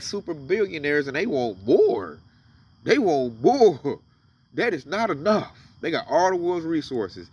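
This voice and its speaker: A man talks through scripture in a loose, conversational way, reading a verse and then riffing on it with animated emphasis. His voice sits a little high for a man. He sounds slightly distant from the microphone. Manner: animated, emphatic, reads verses aloud then riffs on them. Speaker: religious commentator. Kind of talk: casual scripture commentary.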